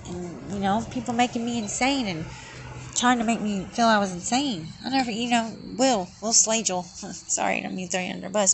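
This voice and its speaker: A woman's voice: fairly high pitch, a little hiss or hum. A woman ranting in a rambling, profane, heated way as a vlogger. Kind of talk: rambling rant to camera.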